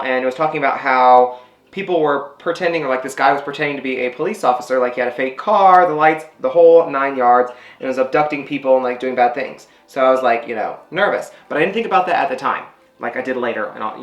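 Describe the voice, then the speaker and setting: A man's voice: medium pitch, a bit bright, roomy sound. A man telling a story in a casual, rambling way while he does his skincare routine. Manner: rambling, filler-heavy chat. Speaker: beauty vlogger.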